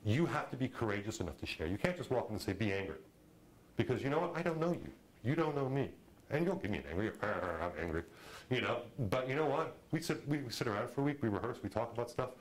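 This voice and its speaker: A middle-aged man teaching a film directing class, talking in a lively, conversational way and acting out quotes. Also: medium pitch, fast, low-quality recording. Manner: animated, conversational, acts out quotes. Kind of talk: lecture to a class.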